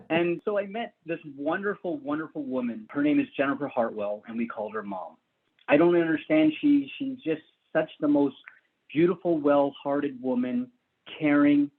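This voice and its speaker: A man's voice: on the high side, expressive, brisk, slightly rough. A man guest telling stories about his early career in a casual, rambling way, laughing often and restarting sentences. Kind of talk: casual storytelling. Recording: tinny phone-like line.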